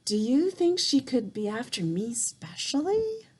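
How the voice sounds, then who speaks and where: A frightened little boy, put on by a woman reading aloud, calling out in a high, strained voice. The words come drawn out and anxious. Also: big pitch swings, measured pace, husky, full character voice. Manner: frightened, shouting. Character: frightened young boy stuck up a tree.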